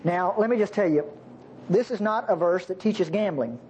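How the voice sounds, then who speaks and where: A man's voice: high voice, normal speed, noisy background. A man preaching a sermon, teaching the Bible in a folksy, chuckling way. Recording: dull lo-fi sermon recording.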